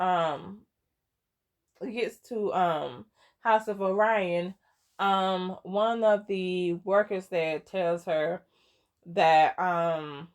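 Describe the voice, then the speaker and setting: Slow, rambling young woman recapping a story. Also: medium pitch. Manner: rambling, many fillers and restarts; laughs often, amused and expressive. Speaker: gaming content creator.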